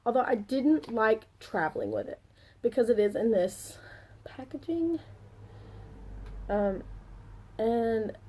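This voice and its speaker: A woman's voice: a little high, a little mellow, husky. A woman talking through her makeup in a chatty, rambling way, full of asides and slang. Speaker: beauty vlogger. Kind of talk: casual makeup chat to camera. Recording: faint background noise.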